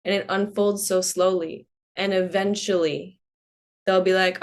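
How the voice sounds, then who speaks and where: A woman speaking as a podcast guest in a reflective conversation, unhurried and earnest, often using "like" as a filler. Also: mid-range voice, little pitch movement. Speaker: podcast guest, holistic coach.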